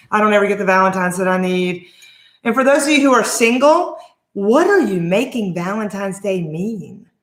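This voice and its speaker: A woman's voice: medium pitch, fairly bright tone. A woman in her forties, a life coach, giving an emphatic motivational talk to camera with lots of rhetorical questions. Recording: roomy echo.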